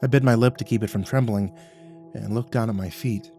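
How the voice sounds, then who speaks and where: A man narrating a first-person horror story in a measured, hushed manner, often dropping quiet. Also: on the low side, soft background music.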